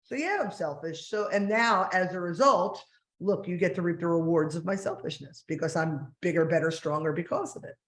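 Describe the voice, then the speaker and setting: A woman in her forties from New Jersey, a guest author in a casual interview, animated and laughing with quick asides. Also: lowish voice.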